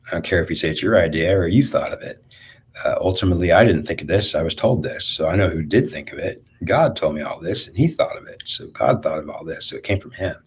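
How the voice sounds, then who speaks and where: Brief: deep-voiced man, husky tone, halting rambling monologue full of restarts. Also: animated.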